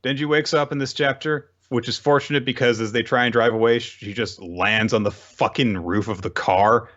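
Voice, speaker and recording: A man co-hosting a casual manga recap podcast, telling the story with lively retellings of the characters' lines. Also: medium pitch, moderate pace, dull audio. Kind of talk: casual chapter recap chat.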